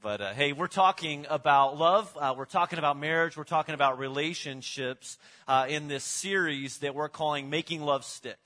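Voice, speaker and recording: Middle-aged male pastor, bright forward tone, casual sermon delivery with lots of restarts. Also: a little high, moderate pace. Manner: conversational, repeats words and restarts, uses props.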